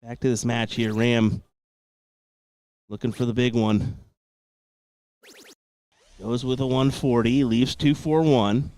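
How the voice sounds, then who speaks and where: A man commenting live on a darts match, chatty and relaxed, often answering with a quick "yep, yep". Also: mid-range voice.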